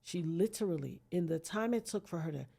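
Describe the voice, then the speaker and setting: A woman's voice: lowish voice, expressive, a little fast, vocal fry, husky. Woman telling a harrowing story dramatically. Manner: dramatic, acts out quoted voices, swings from hushed to near-shouting. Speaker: guest. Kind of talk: emotional storytelling.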